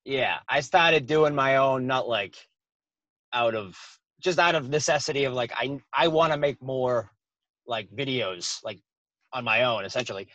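Unhurried and mid-range, this man's voice carries a fairly bright tone without echo. He's in his 20s, a comedian guest on a casual podcast, rambling with many "like"s, lots of swearing, and a thick accent, all captured in a dull, lo-fi recording from a dry, dead room.

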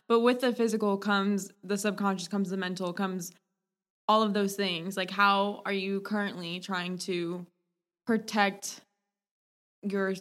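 Casting: female podcast host, casual and chatty, loose rambling questions. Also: mid-range voice. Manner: relaxed, chatty, laughs easily, loses her words.

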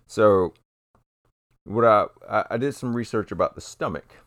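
A man's voice: fairly low pitch, moderate pace, fairly bright tone, no echo, studio quality. A man co-hosting a casual podcast, laid-back and swearing casually, often trailing off and restarting. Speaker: podcast co-host.

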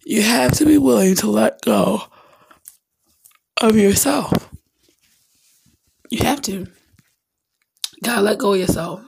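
A woman's voice: mid-range voice, a little slow, vocal fry, pauses often, noisy background. A woman hosting her own podcast in a candid, rambling monologue, often acting out little voices. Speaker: podcast host. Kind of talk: casual spiritual monologue.

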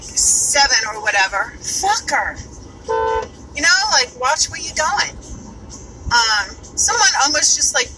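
A woman with a New York accent chatting casually while she drives, rambling and swearing freely, speaking as a podcaster. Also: on the high side. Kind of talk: casual chat while driving. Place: inside a moving car. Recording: car road noise behind. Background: car and road noise.

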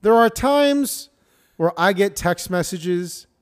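A man's voice: high voice, expressive, slow pace, clear, resonant tone. A young man co-hosting a casual comedy podcast, ranting in a profane, exasperated way. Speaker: podcast co-host.

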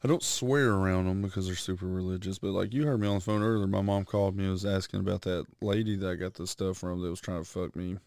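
A man's voice: deep voice, steady tone, fast talker, hardly any pauses, a little mellow, no room sound, studio quality. A young man co-hosting a podcast, joking crudely in casual chat. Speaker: podcast co-host.

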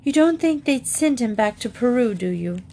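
A woman's voice: on the high side, animated, moderate pace, dark tone, pitched above the performer's own voice. A woman voicing a protective middle-aged mother, reproachful and anxious by turns. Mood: worried. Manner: reproachful, worried.

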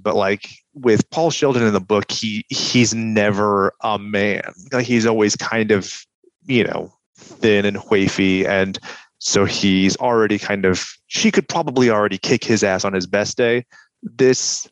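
A young man chatting on a podcast with dry, sardonic deadpan humor. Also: lowish voice, no room sound. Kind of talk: casual chat.

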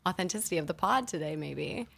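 A woman hosting a casual podcast from a studio, her voice sitting a little low with a gravelly fry. She talks in an upbeat way and laughs easily with her co-host. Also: animated, quick pace, fairly bright tone.

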